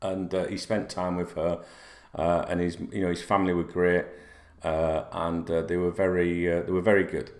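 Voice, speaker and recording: A man's voice: sits low, little pitch movement, normal speed. A middle-aged man hosting a football fan channel, talking bluntly and rambling in a sweary rant to camera. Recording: roomy echo.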